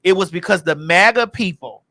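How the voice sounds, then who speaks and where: A man's voice: sits high, moderate pace, bright, forceful tone. A man co-hosting a podcast, correcting and explaining in slangy casual chat. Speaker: co-host.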